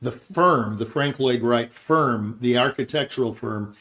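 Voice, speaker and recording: A man's voice: mid-range voice, a little slow, fairly bright tone. An older man hosting a talk show, rambling and thinking aloud in casual conversation. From Scottsdale, Arizona area. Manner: rambling, restarts, quotes others in put-on voices. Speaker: show host.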